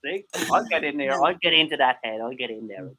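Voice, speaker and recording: A man's voice: mid-range voice, expressive, brisk, crowd noise, rough recording. A man co-hosting a livestream, rambling and joking, swearing freely and greeting viewers in the chat. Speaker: co-host of a livestream show. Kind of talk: casual chat.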